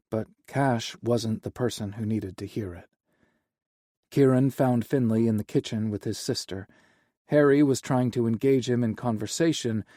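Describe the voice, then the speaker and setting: A male audiobook narrator with a warm, mellow voice reads a novel in an even, unhurried way. The sound is dry and close, with no room echo. His pitch sits in an ordinary middle range. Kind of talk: scripted narration.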